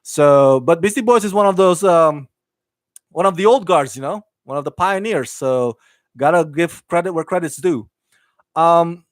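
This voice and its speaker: A man's voice: fairly high pitch, normal speed, no echo. A man hosting a live entertainment news stream, chatting casually and reading out viewer comments with enthusiastic, rambling asides and many fillers.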